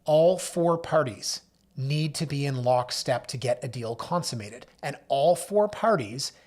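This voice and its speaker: A man hosting a market commentary show, talking loosely and chattily to camera. He rattles off figures from a list, his voice jumping up on some names, and drops self-mocking asides along the way. His pitch sits at an ordinary middle register for a man. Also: expressive, a little slow, darkish tone. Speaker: realtor and show host. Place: office or studio with someone off camera.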